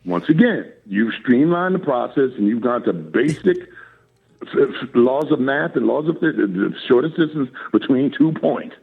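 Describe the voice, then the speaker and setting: An older man on a phone call as a talk guest, talking in a lively, preacherly way and laughing often. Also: mid-range voice, moderate pace, gravelly, husky. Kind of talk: casual chat. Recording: tinny phone line.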